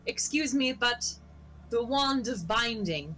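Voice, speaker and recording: Bright-voiced polite woman player. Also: fairly high pitch, expressive, slow pace, a little hiss or hum, low-quality recording. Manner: polite, curious. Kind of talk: casual tabletop play.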